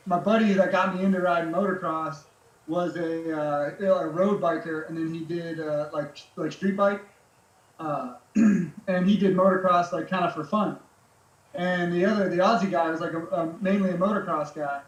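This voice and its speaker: A man's voice: fairly high pitch, fairly even intonation, normal speed, echoey room, rough recording. A man, a military veteran, chatting as a podcast guest in a laid-back way, with lots of fillers and casual swearing. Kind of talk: casual storytelling chat.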